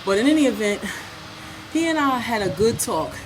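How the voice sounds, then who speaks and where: A middle-aged woman talks to her viewers into a phone held at arm's length, chatty and quick to laugh, then earnest and soft. She sounds a little out of breath, and her voice sits fairly high. Clear traffic noise runs behind her. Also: expressive, rough recording. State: out of breath and sweaty. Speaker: vlogger. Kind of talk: personal storytelling to viewers.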